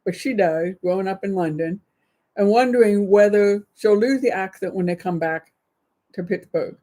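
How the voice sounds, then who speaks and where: A woman's voice: mid-range voice, moderate pace, dark tone. An older woman co-hosting a casual live chat, chatty and reading out viewer comments. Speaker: co-host of a live show.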